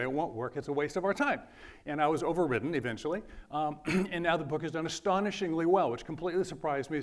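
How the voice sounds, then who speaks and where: A middle-aged man giving a conversational, jokey lecture, often quizzing his audience. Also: on the high side. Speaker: university lecturer.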